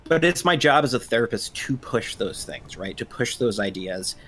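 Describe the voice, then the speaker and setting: Male therapist, 30s, bright timbre, hesitant conversational delivery. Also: medium pitch, lively intonation, normal speed. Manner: hesitant, many restarts and fillers. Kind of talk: casual discussion.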